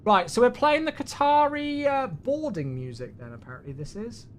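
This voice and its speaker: A man's voice: very high-pitched, animated, normal speed, slight background noise. A man streaming a flight simulator, chatting casually with viewers, thanking them and joking to himself.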